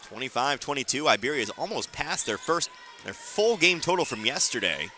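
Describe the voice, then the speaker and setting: A man calling high school basketball play-by-play for radio, with a bright, forceful voice. He rattles off passes and scores, then drops wry comments between plays. Faint gym noise and bouncing balls sit behind him. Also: very animated. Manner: quick play-calling with dry asides. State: hiccuping. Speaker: play-by-play announcer.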